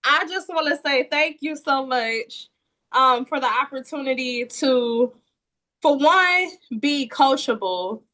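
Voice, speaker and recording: A woman with a high, bright voice speaks on a group call. She sounds grateful and eager. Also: expressive, slow pace. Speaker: team member on a call.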